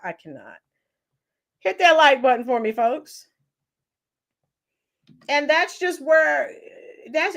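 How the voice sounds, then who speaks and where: A woman's voice: high voice, a bit bright. A woman hosting a live commentary stream, giving opinions and greeting chat viewers by name. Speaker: livestream commentary host.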